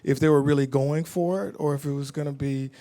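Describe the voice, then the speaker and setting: A man's voice: a little high, steady tone, brisk, dark tone. A man chatting playfully in an interview, teasing and laughing with his castmates. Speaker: actor. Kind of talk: casual interview chat.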